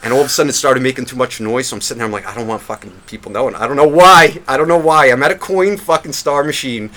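A man's voice: medium pitch, fast talker. A man co-hosting a podcast, telling a rambling story full of swearing. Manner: profane, rambling, animated retelling. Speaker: podcast co-host. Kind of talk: casual storytelling.

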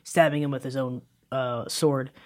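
A man in casual chat, excitedly retelling scenes in a rambling way and briefly acting out the characters' lines. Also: medium pitch. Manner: excited, rambling retelling with quick acted-out quotes. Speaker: co-host recapping a film trailer.

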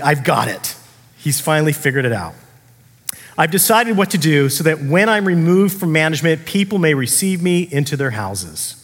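A man's voice: fairly high pitch, fairly bright tone, in a large hall. A man preaching a sermon as the pastor, talking in a casual, conversational way and acting out the characters he quotes.

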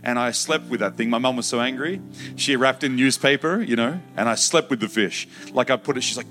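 A man's voice: mid-range voice, a little fast, faint music behind. A man giving an emotional personal testimony in a sermon, acting out the words he once said. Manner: emotional storytelling, acts out shouted childhood quotes.

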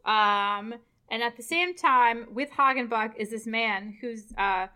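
Bright-voiced woman retelling a story. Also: on the high side, takes it slowly, clear, resonant tone. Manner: laughs often, chatty storytelling. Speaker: podcast host retelling an opera plot. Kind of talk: casual chat.

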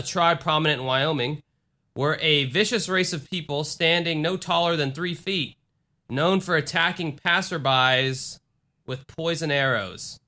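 A man's voice: a little high, bright, forceful tone. A man from Florida co-hosting a comedy podcast, reading aloud with irreverent, swearing asides. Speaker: podcast co-host. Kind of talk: casual comedic podcast chat.

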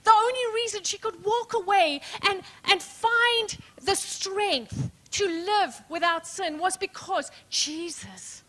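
High, bright-voiced woman preaching a sermon. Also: lively intonation, slow pace, few pauses. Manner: emphatic preaching with dramatic drops to soft, hushed words; addresses congregation as friends, asks rhetorical questions. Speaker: pastor. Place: church.

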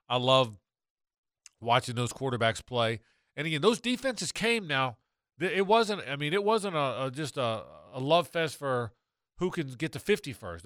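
A man hosting a sports talk show, talking football in an animated, rambling way with many restarts. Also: mid-range voice, dry recording, studio quality. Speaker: sports radio host.

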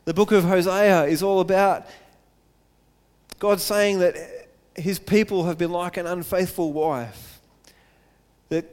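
High-voiced preacher man in a reverberant hall. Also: slow pace, smooth. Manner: earnest, builds to excited emphasis, repeats phrases. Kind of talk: sermon.

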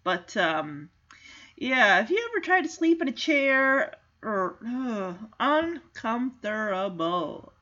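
A woman's voice: fairly high pitch, very animated, takes it slowly, sharp tone, lo-fi sound. A woman giving a casual, chatty movie recap, reacting as she goes and leaning on "like" a lot. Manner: chatty, reactive, heavy use of "like".

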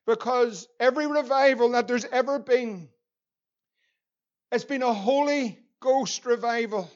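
A man's voice: very high-pitched, unhurried, highs cut off. A man with a Northern Irish accent preaching a sermon as pastor, earnest and repeating phrases for emphasis.

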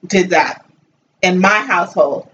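A woman's voice: on the low side, a little slow, fairly bright tone. A woman co-hosting a casual chat show, talking emphatically and swearing freely. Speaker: podcast co-host. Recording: distant, dull, faint noise.

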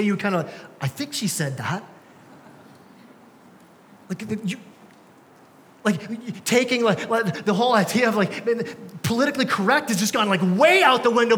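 High-voiced young male pastor preaching. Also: a bit bright. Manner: conversational, casual slang, frequent restarts. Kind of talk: sermon. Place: church sanctuary. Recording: church hall with long reverb.

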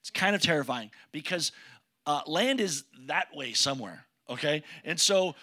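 A man's voice: a little high, animated, moderate pace, pushed and bright. A man preaching a sermon as pastor, casual and joking, asking his congregation questions as he speaks. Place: church sanctuary with congregation.

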